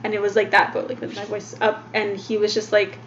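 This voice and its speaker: A woman's voice: medium pitch, completely flat delivery, a little fast. A woman co-hosting a podcast in casual chat, talking freely with many fillers and curse words. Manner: chatty, full of "like" and swearing. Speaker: podcast co-host. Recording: dull lo-fi sound with faint noise.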